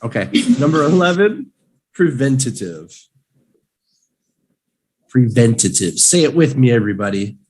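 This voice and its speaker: A man teaching English vocabulary in a live online lesson, drilling each word slowly and cheering learners on playfully. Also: medium pitch, sing-song, darkish tone, a little hiss or hum, low-quality recording.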